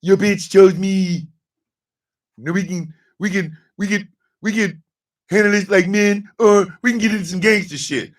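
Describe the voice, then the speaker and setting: A man's voice: high voice, measured pace, far from the mic. A man voicing a swaggering, boastful male pimp who talks in a cocky, threatening way.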